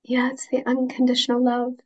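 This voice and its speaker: A woman in her thirties, a guest in an interview, speaking gently and with feeling about her life. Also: a little high, monotone, fairly quick, dull audio. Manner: gentle and heartfelt. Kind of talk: reflective interview conversation.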